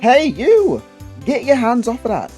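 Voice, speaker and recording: A man's voice: very high-pitched, huge pitch swings, unhurried, warm tone, faint music behind, pitched above the performer's own voice, heavily acted. A man putting on a brash Southern drawl to voice a bossy, middle-aged woman photographer in a video game playthrough. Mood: scolding. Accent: put-on American Southern drawl. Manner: bossy, scolding, folksy.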